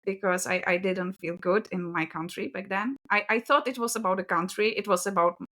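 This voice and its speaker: A woman's voice: medium pitch, steady tone, brisk, bright, forceful tone. Giggly Czech-accented young woman. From Czech Republic. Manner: giggly, hesitant with fillers. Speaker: podcast guest. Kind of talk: casual interview chat.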